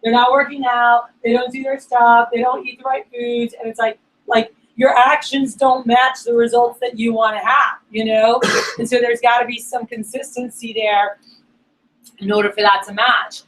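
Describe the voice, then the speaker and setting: A woman with a slightly high voice addresses a staff meeting. She tells a motivational story in a lively, casual way, peppered with slang and fillers. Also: normal speed, poor audio. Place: meeting room.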